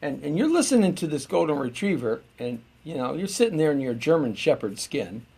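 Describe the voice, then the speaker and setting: A man's voice: fairly high pitch, very animated, fairly quick, creaky, a little mellow, breathy edge. A middle-aged man hosting a live show, rambling and joking as he muses aloud to viewers. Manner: rambling and jokey, musing aloud.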